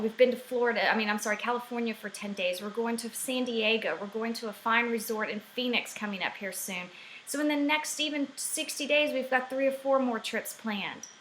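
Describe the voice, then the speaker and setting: Middle-aged woman, animated ranting vlogger, slightly high and bright, recorded in a roomy home office. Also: slight background noise. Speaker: network marketing vlogger. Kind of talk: casual vlog rant.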